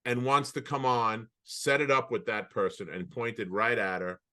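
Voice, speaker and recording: A man with a bright, forceful voice co-hosts a casual podcast over a video call. He spins animated anecdotes, often stopping and restarting mid-sentence as he goes. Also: mid-range voice, moderate pace. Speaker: podcast co-host. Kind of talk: casual storytelling chat.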